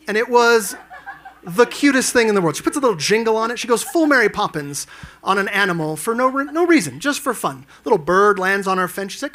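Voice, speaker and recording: A man's voice: sits high, expressive, fast talker, a bit bright. A man performing a stand-up comedy set, telling stories animatedly and acting out quotes with sudden jumps in his voice. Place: live event lounge.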